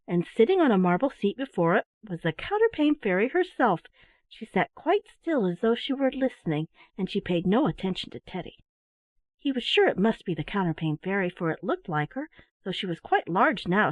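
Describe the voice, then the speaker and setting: A woman narrating a children's bedtime story in a gentle, expressive reading voice. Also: medium pitch, dry recording. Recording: dry, phone-like narrow sound.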